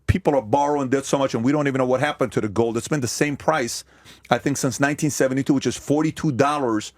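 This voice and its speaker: A man from America debating on a podcast, forceful and emphatic, firing off rhetorical questions. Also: mid-range voice, quick pace, no echo, clean studio sound. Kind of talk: heated debate.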